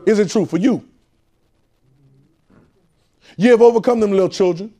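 A man's voice: sits high, racing, gravelly, mellow. A man teaching a Bible class in a preaching style, repeating phrases and calling out questions to the room. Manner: call-and-response, repetitive, emphatic.

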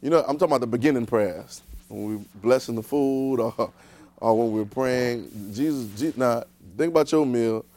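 A man's voice: mid-range voice, normal speed, mellow. A man preaching a conversational sermon, repeating himself and throwing rhetorical questions at the congregation.

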